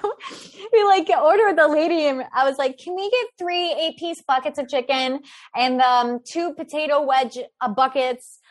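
A woman's voice: high voice, moderate pace. Bubbly woman telling a story, laughing. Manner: animated, laughing often, many filler words. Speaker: guest storyteller. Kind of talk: casual anecdote in conversation.

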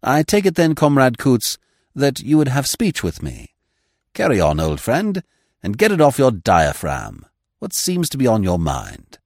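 Man doing a suave, languid young gentleman. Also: mid-range voice, huge pitch swings, measured pace, no room sound, studio quality, pitched above the performer's own voice, exaggerated voice. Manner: urbane, elaborately polite, drily witty.

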